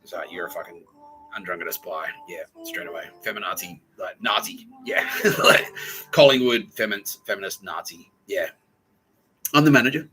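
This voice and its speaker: Bright-voiced man, rambling and profane. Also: low voice, normal speed, faint music behind, rough recording. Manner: profane, rambling, laughing at his own stories. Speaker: podcast host. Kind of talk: rambling monologue.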